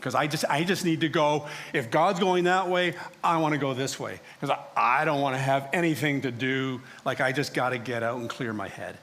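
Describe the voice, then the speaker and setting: A man's voice: mid-range voice, normal speed, hardly any pauses, a bit bright. A man preaching a sermon as a first-person dramatic monologue, telling the story in character as a prophet and acting out the other voices in it. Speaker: pastor. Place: church sanctuary.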